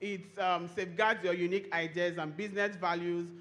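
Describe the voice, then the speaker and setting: A Nigerian woman, a lawyer and firm co-founder, giving a lively, chatty conference talk and teasing the audience. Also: fairly low pitch, a little fast. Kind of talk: conference presentation with audience interaction.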